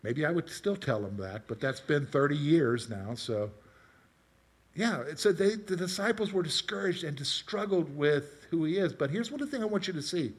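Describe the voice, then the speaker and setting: Male pastor, middle-aged, conversational sermon, slightly high-pitched, storytelling. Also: animated, moderate pace, slightly rough. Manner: asks the congregation questions and tells personal stories.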